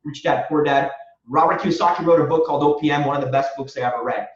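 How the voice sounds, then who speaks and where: A man talks earnestly and motivationally, leaning on repeated phrases to drive his point home. His voice sits a little high. He sounds set back from the mic in an echoey room, on a dull, lo-fi line. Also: quick pace, far from the mic. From Romania. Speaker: guest, real estate wholesaler. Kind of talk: podcast interview answer.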